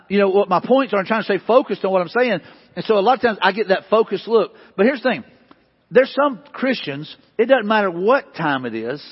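A man's voice: sits high, slightly rough. A man preaching a sermon as pastor, earnest and emphatic, repeating his points. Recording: dull sound with long hall reverb.

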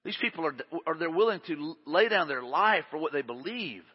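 A male pastor with a high voice delivers an emphatic, conversational sermon, often circling back and repeating phrases. He sounds like he is in a large church hall with a long tail of reverb, and the recording is dull and lo-fi. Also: animated, brisk, breathy edge.

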